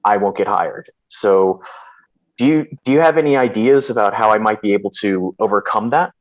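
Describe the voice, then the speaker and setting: A man's voice: fairly low pitch, moderate pace, muffled recording. An American man, a soccer commentator, asking a hesitant question with many ums over a video call. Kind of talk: question in an online Q&A.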